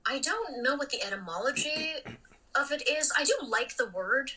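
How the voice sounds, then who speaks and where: Woman comedian, blunt and animated, high bright voice, relaxed interview talk. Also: moderate pace, recorded from a distance, slight background noise, low-quality recording. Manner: blunt, animated, swings between loud and muttered. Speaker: comedian guest. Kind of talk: casual podcast conversation.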